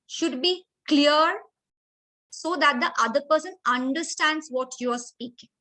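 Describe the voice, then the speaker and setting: A woman from India with an Indian English accent, running an online communication training session with clear, instructive delivery and deliberate emphasis. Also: sits high, sharp tone, rough recording.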